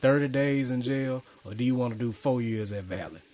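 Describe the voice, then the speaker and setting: A man hosting a casual chat, animated and joking with loud laughs. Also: medium pitch, fairly quick. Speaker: podcast host.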